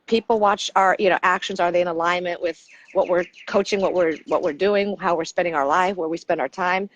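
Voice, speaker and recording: Here a US-born coach in middle age chats as a podcast guest, her voice on the low side and her delivery fairly quick. She's an animated storyteller who acts out every quote in this casual interview. The audio has its highs cut off.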